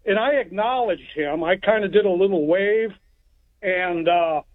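This Texas caller has a high voice and keeps a measured pace, with no room sound behind him. He rambles through his phone-in story in plain language, often starting over, and the line sounds tinny.

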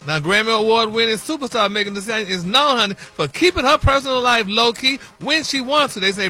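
A man's voice: extremely high pitch, sharp tone. A man delivering a comic celebrity gossip segment on a radio show, sassy and flamboyant, calling listeners honey and y'all.

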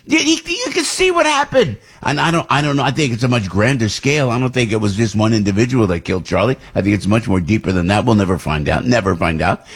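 A man's voice: lowish voice, big pitch swings, fast, hardly any pauses, husky. An older man hosting talk radio, delivering an indignant, repetitive opinion monologue. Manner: indignant ranting, repeats himself. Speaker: radio host.

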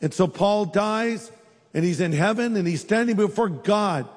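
A man's voice: high voice, moderate pace, long reverb tail. A man preaching a sermon as a pastor, in a conversational, humorous storytelling way.

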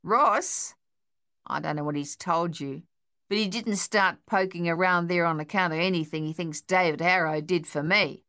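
A woman voicing a sharp-tongued, spry old woman in an audiobook, with a dry, tart, unhurried manner. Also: lowish voice. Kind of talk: audiobook character voice.

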